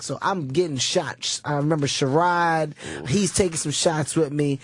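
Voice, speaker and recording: Husky animated comedian telling stories. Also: male voice, fairly high pitch, a little slow, no room sound. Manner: animated, acts out voices in his stories. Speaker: comedian guest. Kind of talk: casual storytelling chat.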